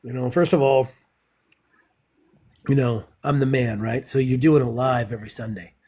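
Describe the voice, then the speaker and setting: A man's voice: mid-range voice, moderate pace, breathy edge. A man who teaches Spanish, joking and swearing in a casual live-stream chat over his phone. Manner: joking, profane, animated. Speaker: Spanish teacher, guest caller.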